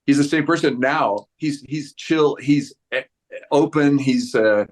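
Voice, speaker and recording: A man in his sixties talks through a press interview in a mid-pitched voice. He rambles and restarts his sentences, and he slips into quoted voices as he tells a story. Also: a little slow. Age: 60s. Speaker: actor guest.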